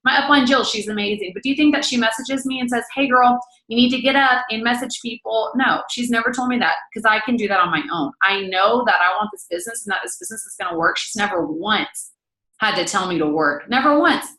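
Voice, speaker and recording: A woman's voice: medium pitch, fast talker, bright, forceful tone, roomy sound, poor audio. A woman in her thirties leading a casual book-study talk, blunt and matter-of-fact. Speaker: team leader hosting a book study.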